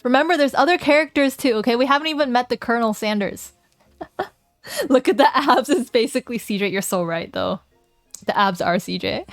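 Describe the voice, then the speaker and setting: A woman's voice: fairly high pitch, expressive, measured pace, pauses often, dry recording, faint music behind. A woman streamer reading a dating game aloud in a playful, casual way, chatting with her viewers between lines. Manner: playful, laughs often, reads game text aloud.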